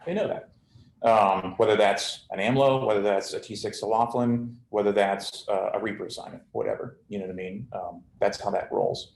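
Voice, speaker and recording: A man's voice: fairly low pitch, fairly even intonation, moderate pace, gravelly, echoey room, a little hiss or hum, poor audio. A man, a squadron commander, talking candidly and bluntly to his officers in a casual, jargon-filled way. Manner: blunt, conversational, full of military jargon and fillers.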